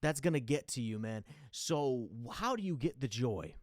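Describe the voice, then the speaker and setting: A young man hosting a comedy podcast, telling a rambling, casual, funny story in a laid-back way that gets animated as it goes. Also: medium pitch, moderate pace, dry recording, clean studio sound.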